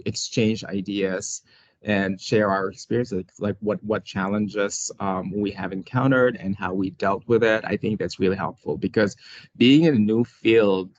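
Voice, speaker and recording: A man's voice: on the low side, fairly even intonation, a little slow, no room sound, muffled recording. A man, an occupational therapist, talking casually as an interview guest, hesitant with many restarts and frequent laughs.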